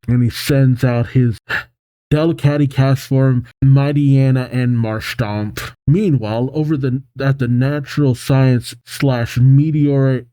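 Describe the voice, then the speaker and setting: Male reaction host reading a manga aloud; mellow, dry, breaks in with quick asides. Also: steady tone, clean tone, no room sound, poor audio. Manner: does quick high voices for characters, laughs and comments between panels.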